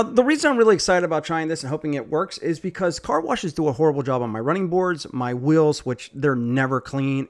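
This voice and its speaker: A man's voice: fairly high pitch, a bit bright. A man giving a casual, joking product demonstration outdoors while washing a truck, chatty and self-deprecating. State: out of breath. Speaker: tool reviewer.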